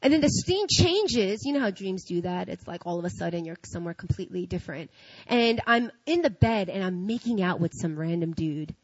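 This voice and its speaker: A woman's voice: on the low side, animated, brisk, dry recording, muffled recording. A woman telling a personal story to an audience in casual, slangy talk, acting out her own reactions. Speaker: speaker sharing a personal faith story.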